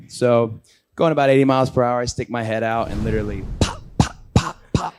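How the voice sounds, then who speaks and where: A man's voice: medium pitch, moderate pace, darkish tone. A man in his thirties, an interview guest telling a casual story, acting out quotes in raised voices. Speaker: interview guest, pro wrestler.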